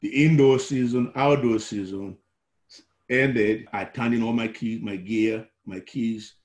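An older man from Malawi, telling his coaching history in an oral history interview, animated and acting out the dialogue he recalls. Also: medium pitch, slow pace. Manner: animated, acts out quoted dialogue.

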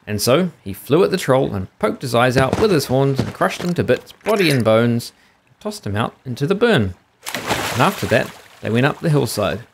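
A man's voice: lowish voice, creaky, husky. A middle-aged man, reading a fairy tale aloud as a podcast host. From New Zealand. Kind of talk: bedtime-style story reading.

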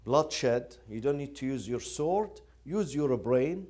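A man delivers a religious lecture with passion. He talks at a mid-range pitch and drives his points home by repeating phrases. His tone swings between urgent and subdued. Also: lively intonation, takes it slowly, darkish tone. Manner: impassioned, repeats phrases for emphasis. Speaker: lecturer on Quranic studies.

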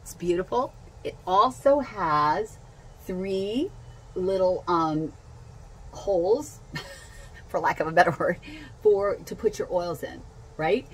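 An essential oils seller gushes enthusiastically while unboxing and showing off products in a casual home vlog, repeating herself as she goes. Her voice is low, husky and animated, and she speaks slowly with frequent pauses over poor audio.

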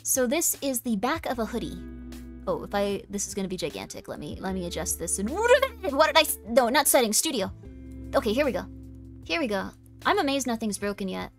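A woman streamer rambles cheerfully to her live chat in a slightly high voice, giggling and making fun of herself between filler words. She speaks into a desk microphone. Faint music plays underneath. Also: very animated, brisk. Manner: bubbly, giggly and self-deprecating, lots of "like". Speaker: VTuber streamer. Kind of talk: casual live-stream chat reading chat messages.

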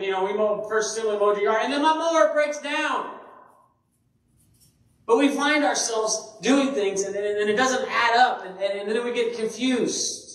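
Animated male pastor in an echoey hall. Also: high voice, fairly quick. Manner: animated storytelling, acting out voices. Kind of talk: sermon. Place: church sanctuary. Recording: very echoey church hall from a distance.

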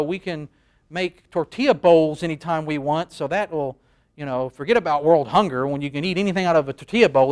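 Man in his 30s, fairly high voice, rambling self-mocking host monologue, studio. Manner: rambling, self-deprecating, laughs at own jokes. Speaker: late-night show host. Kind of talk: comedic monologue. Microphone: facing a camera.

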